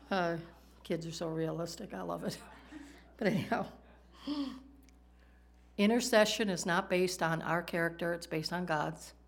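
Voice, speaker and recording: Brief: woman preacher with a fairly low voice, teaching sermon with jokes. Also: gravelly. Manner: teaching, explains Hebrew words, tells jokes.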